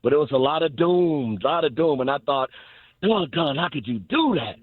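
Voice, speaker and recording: A man calling in to a sports radio show, telling an animated story full of laughs. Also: a little high, normal speed, husky, dry recording. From Chicago South Side. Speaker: caller. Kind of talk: excited phone call. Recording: tinny phone line.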